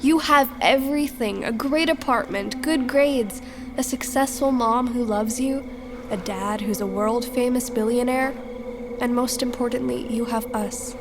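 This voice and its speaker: A woman's voice: a little high, a little slow, background noise. A performer voicing a blunt, controlling young girl in an audio drama. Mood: cold. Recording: score music under the voice.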